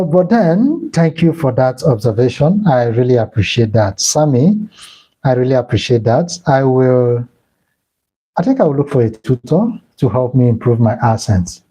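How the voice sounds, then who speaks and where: Husky Nigerian Igbo man, very dark voice. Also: medium pitch, animated, moderate pace, low-quality recording. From southeastern Nigeria. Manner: repeats himself, thanks and blesses viewers. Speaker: crypto live-stream host. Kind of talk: casual live-stream Q&A.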